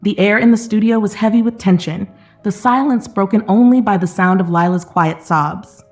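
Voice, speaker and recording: A woman narrating a scripted dramatic story in a slow, even, dramatic manner. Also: mid-range voice. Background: soft background music.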